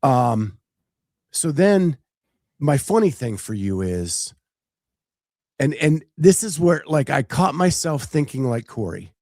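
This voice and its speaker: Smooth-voiced man telling chatty stories. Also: mid-range voice, sing-song, takes it slowly, long pauses, mellow, no room sound, clean studio sound. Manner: chatty storyteller, quotes movie lines. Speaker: podcast co-host. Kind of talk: casual chat.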